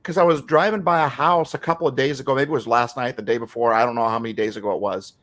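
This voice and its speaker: A middle-aged man talking on a podcast in an excited, preachy motivational way. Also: medium pitch, fast. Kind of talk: casual podcast chat.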